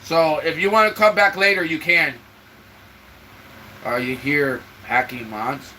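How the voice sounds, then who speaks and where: A man's voice: on the high side, measured pace, sharp tone, slight background noise, poor audio. A man hosting his own live stream, venting emotionally and talking straight to his viewers in casual chat. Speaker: livestream host. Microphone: own microphone for the live stream.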